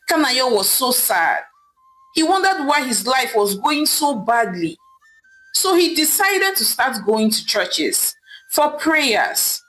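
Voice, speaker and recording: Folktale narrator: woman, dramatic and expressive, soft music beneath. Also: a little high, rough recording. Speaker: storyteller.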